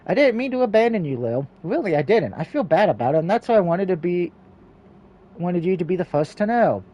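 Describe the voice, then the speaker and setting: A man's voice: high voice, big pitch swings, brisk, lo-fi sound. A man reading as a kind big brother. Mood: reassuring. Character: kind cheerful older brother, student.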